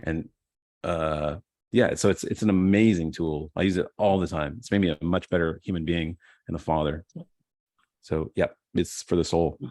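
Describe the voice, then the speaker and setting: A middle-aged man talking about improv on a video call, telling lively stories and acting out quotes. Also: low-pitched, moderate pace, dry recording, clean studio sound. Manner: animated storyteller, acts out quotes. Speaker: improv teacher. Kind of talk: casual conversation.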